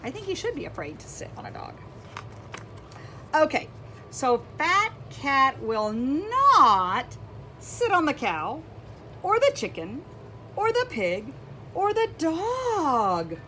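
A woman reading a children's picture book aloud, animated and exclaiming, asking her young listeners questions. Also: high voice, slow, pauses often, a little hiss or hum. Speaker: children's storybook reader.

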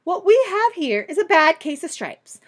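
A woman voicing a kind, sweet old woman in a storybook read-aloud, speaking gently and brightly. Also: very high voice, very animated, moderate pace, pitched above the performer's own voice. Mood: kindly.

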